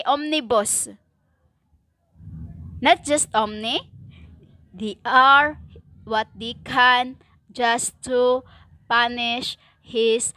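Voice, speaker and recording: A woman preaching a stern religious monologue in halting non-native English, with many fillers and emphatic repetition. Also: high voice, pushed and bright, dry recording, studio quality. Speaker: self-styled prophetic preacher.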